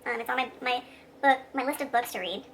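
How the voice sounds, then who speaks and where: A young woman chatting to camera as a book vlogger, giggly, excitable and self-mocking. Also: sits high, fast talker, recorded from a distance, a little hiss or hum. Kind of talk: casual chat to camera, outtakes.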